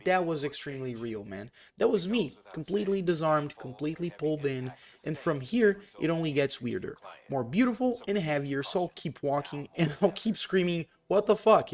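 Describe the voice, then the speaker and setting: A man giving casual, excitable reaction commentary on a video game, swearing often and reading his own notes aloud. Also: a little high. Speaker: gaming vlogger.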